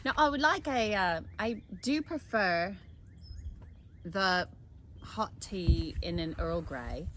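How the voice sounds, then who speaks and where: A woman's voice: mid-range voice, lively intonation, slow, a bit bright, slight background noise. A woman putting on a prim British-accented tea lover. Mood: genteel. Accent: put-on British, drifting toward Australian.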